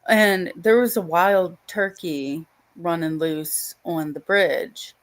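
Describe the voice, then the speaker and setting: A woman hosting a stream, chatting casually and telling slow, relaxed stories on a video call. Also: fairly low pitch. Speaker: stream host. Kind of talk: casual chat.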